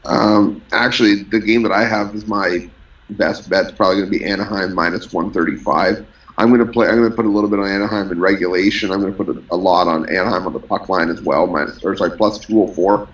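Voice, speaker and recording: A man giving measured, analytical betting picks in a casual sports chat. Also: sits low, fairly even intonation, dull audio. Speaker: sports handicapper.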